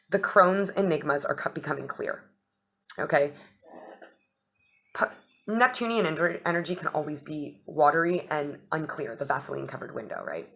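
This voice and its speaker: A young woman with a deep, somewhat bright voice hosts an astrology and tarot chat. She talks casually, swears freely, and acts out little dialogues.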